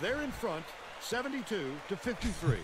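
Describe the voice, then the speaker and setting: A man voicing a basketball video game's play-by-play announcer, making brisk calls over arena noise. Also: high voice, sing-song. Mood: upbeat. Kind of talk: sports video game commentary. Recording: game audio with loud arena crowd.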